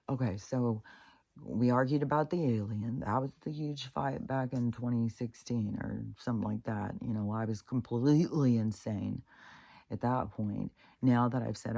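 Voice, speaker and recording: A woman's voice: extremely low pitch, a little slow, vocal fry, dark tone, husky, no room sound. A woman venting in a casual spoken monologue, rambling and profane, with restarts and laughs. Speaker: vlogger.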